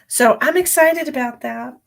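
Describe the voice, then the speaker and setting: A woman with a fairly high voice chats casually as the host of a live psychic reading stream. She is excitable and talkative, often dropping into whispered asides and laughs. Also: normal speed, vocal fry. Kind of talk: casual livestream chat.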